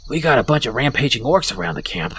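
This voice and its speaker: A man's voice: medium pitch, very animated, fast, a bit bright, slightly rough, full character voice. A man voicing a weary, downtrodden male kobold leader in a tabletop game, rambling and hesitant.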